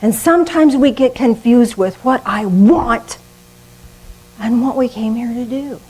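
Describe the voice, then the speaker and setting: An older woman preaching a sermon in a lively, conversational way, often laughing at herself. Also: on the high side, a little slow, breathy edge, rough recording. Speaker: minister.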